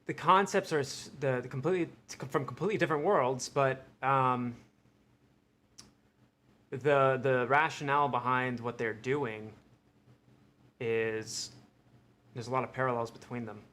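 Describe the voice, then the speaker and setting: A man's voice: mid-range voice, fairly even intonation, measured pace, pauses often, pushed and bright. A young man from Ohio with an American accent, chatting casually and profanely on his livestream, rambling and thinking aloud. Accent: American, mixed Midwestern and New York tinge. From Ohio, USA. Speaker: livestream host. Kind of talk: casual live-stream chat.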